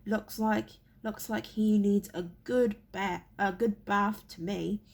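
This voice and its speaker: A woman reading aloud, voicing a boastful, bullying teenage boy who is training as a warrior, in a louder, sneering tone. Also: mid-range voice, steady tone, slow pace, creaky. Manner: sneering, louder than the narration.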